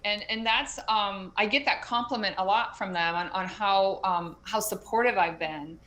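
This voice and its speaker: A woman speaking as a podcast interview guest, chatty and animated, with frequent fillers and restarts as she shares advice from her work as an educator and mentor. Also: medium pitch, normal speed. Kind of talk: casual conversational interview.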